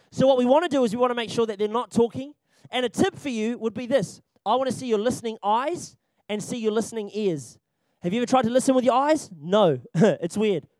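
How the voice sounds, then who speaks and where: Here a young man with a very high voice presents a church training talk on children's ministry, joking, animated, and often laughing. He repeats his key ideas for emphasis, and there's no echo on the audio.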